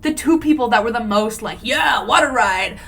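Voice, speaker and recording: A woman's voice: a little high, animated, normal speed, fairly bright tone, breathy edge. A young woman co-hosting a podcast, telling a long casual story with lots of "like" and fillers. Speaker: podcast co-host. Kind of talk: casual chat.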